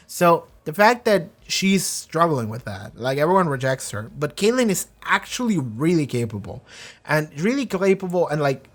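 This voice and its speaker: Higher-voiced man rambling about a show. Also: sing-song, moderate pace. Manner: rambling, profane, acts out characters' lines. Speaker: reaction video host. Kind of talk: casual reaction commentary.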